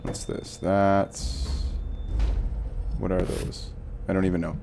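A young man commenting on his gameplay, swearing and ranting in frustration between quieter muttering. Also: deep voice, animated, measured pace, gravelly, long pauses, noisy background. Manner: angry, swearing, frustrated outbursts. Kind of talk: let's play commentary.

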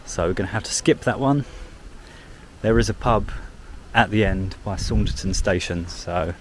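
Walking past fields and through villages for his casual vlog, a young man keeps up chatty, amused commentary peppered with "like." He speaks at a moderate pace in a fairly low voice, while loud wind and passing cars sound behind him.

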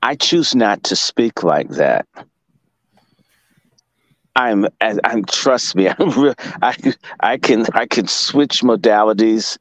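Slow, low-voiced profane male commentator. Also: animated, a bit bright, dry recording, poor audio. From Washington, D.C. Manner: profane, emphatic, lecturing. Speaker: guest commentator. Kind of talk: casual livestream talk.

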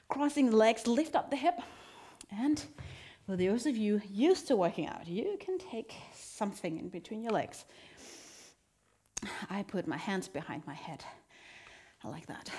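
Slow-talking upbeat fitness instructor woman. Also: on the high side, a little mellow. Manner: chatty and upbeat, laughs often, counts down reps. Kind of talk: workout instruction.

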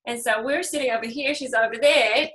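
Woman, 30s, slightly high pitch; casual, laughing class host full of fillers. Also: fairly quick, a bit bright, rough recording. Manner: chatty, laughing storyteller, many fillers. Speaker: essential oils class host. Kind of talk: casual talk to a group.

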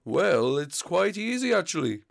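A man voicing a sneaky, childish male ghost who schemes and speaks in a slow, drawn-out sing-song. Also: high-pitched, sing-song, gravelly, full character voice. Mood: teasing.

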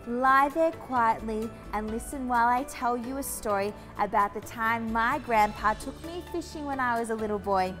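A woman voicing a gentle, patient father in a children's storybook, with a calm, soothing, lowered voice. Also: moderate pace, hardly any pauses, faint music behind, lightly acted.

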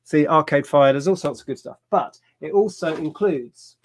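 A man's voice: on the high side, normal speed. Chatty man rambling through a haul. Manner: chatty and rambling, laughs often. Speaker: co-host of a resale haul livestream. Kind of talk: casual chat.

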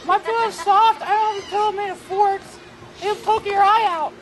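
A woman's voice: very high-pitched, fairly even intonation, moderate pace, recorded from a distance, crowd noise, background noise. A woman interviewing camp staff in a playful, silly way, asking endless why questions outdoors at a summer camp.

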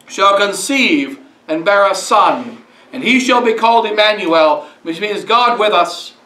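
A priest preaching a sermon with a high, bright, ringing voice. He speaks in a conversational way and keeps putting rhetorical questions to his listeners. He stands away from the microphone in a roomy, echoing church. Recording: roomy echo, speaker far from mic.

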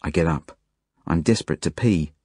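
Male audiobook narrator, low and husky, earnest first-person telling. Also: moderate pace, a little mellow, no echo, studio quality.

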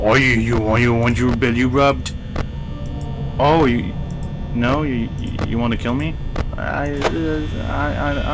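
A man's voice: medium pitch, slow, pauses often, noisy background. A young man, casually narrating a horror game in a jittery, sweary way and talking to its characters. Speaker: gaming YouTuber. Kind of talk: casual let's-play commentary. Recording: game music behind the voice.

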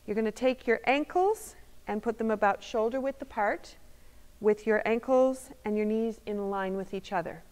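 A woman instructor calmly talking viewers through seated foot exercises step by step while demonstrating them. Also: a little high, normal speed. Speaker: movement instructor. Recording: long reverb of a hall.

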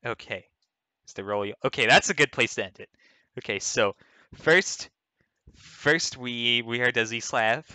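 A man's voice: mid-range voice, a little slow, sharp tone, dry recording. A man playing a text adventure game, reading the story aloud and laughing and swearing at it in casual commentary. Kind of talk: casual let's play commentary. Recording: clear background music.

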